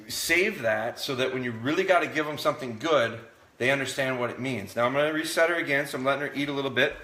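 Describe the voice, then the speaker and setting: Indoors, in a room that rings with echo, a man runs a live dog training session and explains each step to viewers in a relaxed way. His voice is bright and forward and sits on the high side.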